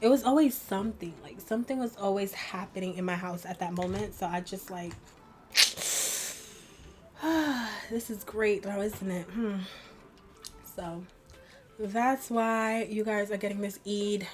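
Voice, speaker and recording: A woman's voice: mid-range voice, steady tone, a little slow, pauses often, a little mellow. A young woman chatting and venting while doing her makeup at home, rambling with many fillers. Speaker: beauty vlogger. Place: home bedroom at a vanity.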